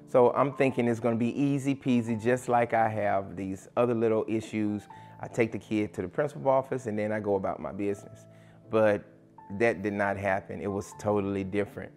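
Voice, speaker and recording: Brief: low, gravelly male coach, animated storyteller who voices the people in his story. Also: a little fast, soft background music. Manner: animated retelling, acts out quotes. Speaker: school coach. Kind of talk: interview storytelling.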